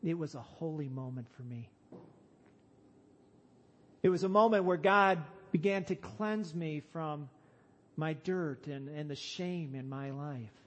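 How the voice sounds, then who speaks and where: A man with a high voice preaches a sermon at a deliberate, unhurried pace. He leans hard on key phrases and lifts into loud calls. His delivery is earnest and emphatic. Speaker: pastor.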